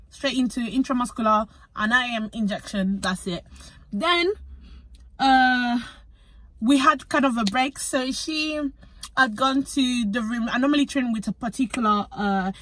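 Chatty young British woman, bright voice. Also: a little high, measured pace. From United Kingdom. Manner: chatty and animated, acts out conversations. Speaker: physician associate student. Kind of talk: casual storytelling vlog.

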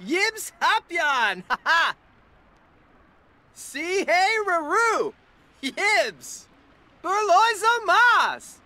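A woman's voice: very high voice, big pitch swings, very slow, long pauses, pushed and bright, heavily acted. A woman voicing a cheerful video game character who gives a speech in playful invented gibberish. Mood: chirpy. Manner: speaks playful invented gibberish, often laughing.

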